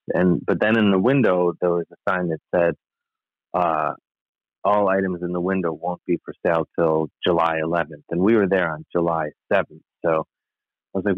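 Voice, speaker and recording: A low-voiced man spins a long, self-mocking anecdote in a casual, deadpan way. The sound is thin and phone-like, with no room around it. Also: moderate pace, dry recording. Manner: dry, rambling, self-mocking. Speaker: podcast guest storyteller. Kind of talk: casual comic storytelling. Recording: tinny phone-like line, dry.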